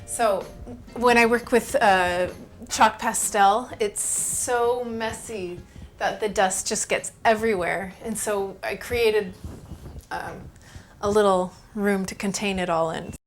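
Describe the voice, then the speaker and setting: A woman illustrator in her thirties chatting casually in an interview, telling lively stories and acting out the voices of people she quotes. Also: medium pitch, slow, soft background music. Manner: animated storyteller, acts out quoted voices.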